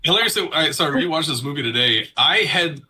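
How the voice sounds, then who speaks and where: An excitable man co-hosting a podcast in a casual film review chat, often laughing as he talks. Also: a little high, fast. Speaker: podcast co-host.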